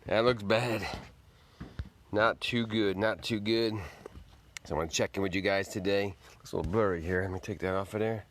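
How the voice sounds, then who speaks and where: A man's voice: deep voice, fast, hardly any pauses, slight background noise. A man hosting a casual livestream, greeting viewers by name and rambling upbeat while he eats. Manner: talks while eating. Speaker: livestream host.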